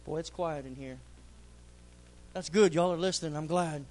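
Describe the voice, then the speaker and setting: A man's voice: a little high, normal speed, a little mellow. A man preaching a fervent sermon in a church, repeating phrases for emphasis.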